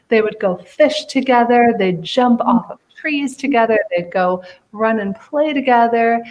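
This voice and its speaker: A woman's voice: fairly high pitch, darkish tone, rough recording. A woman who is a radio show guest, telling a story with theatrical expression.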